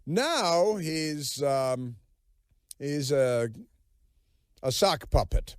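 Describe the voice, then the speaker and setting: A man's voice: fairly high pitch, animated, drawn-out words, smooth, no room sound, studio quality. Sarcastic male talk radio host. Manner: sarcastic, mocking, rambling with fillers. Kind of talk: political talk radio monologue.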